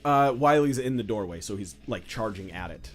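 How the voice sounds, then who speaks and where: A man's voice: lowish voice, animated, moderate pace, music in the background. A young man narrating as game master in a loose, casual way, with lots of fillers. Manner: loose, filler-heavy describing with many "like"s.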